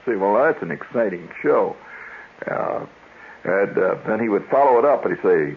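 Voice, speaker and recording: Husky, lively-voiced male radio host. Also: fairly low pitch, moderate pace. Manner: wry, storytelling, self-interrupting. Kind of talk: rambling monologue. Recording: dull lo-fi 1970s radio broadcast.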